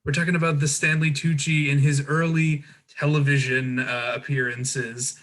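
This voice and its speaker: A man's voice: a little high, level tone, moderate pace, a bit bright. A man co-hosting a podcast in a casual, joking chat, with frequent fillers and restarts. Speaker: podcast co-host.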